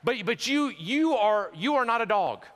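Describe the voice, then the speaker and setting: A male pastor preaching a sermon in a church sanctuary, animated and conversational with quick restarts and jokes. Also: very high-pitched. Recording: long church hall reverb.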